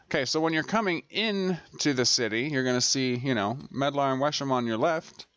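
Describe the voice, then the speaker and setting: Man, gameplay host, thinks aloud with fillers, mid pitch, dry lo-fi desk mic. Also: brisk, a bit bright, smooth, no echo. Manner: rambling, many fillers and restarts. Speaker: gaming video host. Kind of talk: casual let's-play commentary.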